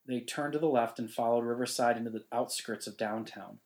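A man reading a ghost story in measured, suspenseful narration. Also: mid-range voice, a little mellow, rough recording. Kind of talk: scripted narration.

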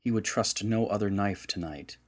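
Husky low-voiced male storyteller. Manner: slow, dramatic storytelling. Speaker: audiobook narrator. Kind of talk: scripted narration.

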